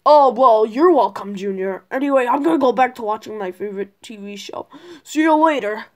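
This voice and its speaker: A woman's voice: a little high, brisk, close to an everyday voice. A woman voicing a bossy, lazy male turtle-dragon villain king, drawling and easily annoyed in a homemade toy skit. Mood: grumpy.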